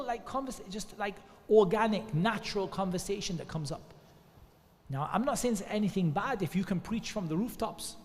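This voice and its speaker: Guy chatting through a talk at a mosque, high voice, lots of restarts, big hall echo. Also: a little mellow. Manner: conversational, many restarts and asides. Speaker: speaker giving a talk at an Islamic centre. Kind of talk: informal religious talk. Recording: long hall reverb.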